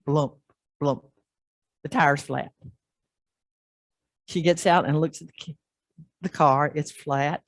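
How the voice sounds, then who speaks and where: A woman pastor preaching in church, telling a story in an animated way and acting out the scenes. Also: lowish voice, no room sound. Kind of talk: sermon storytelling.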